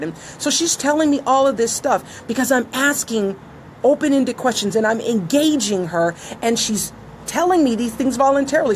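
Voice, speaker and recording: A woman's voice: a little high, a little hiss or hum, poor audio. Earnest woman coaching on listening. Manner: earnest, acts out quoted conversations. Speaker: business coach. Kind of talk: motivational teaching monologue.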